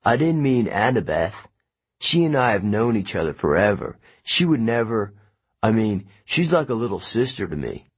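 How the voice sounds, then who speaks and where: A man's voice: on the low side, big pitch swings, moderate pace, slightly rough. A man voicing a friendly but worried teenage boy camp counselor, speaking earnestly under tension. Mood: flustered.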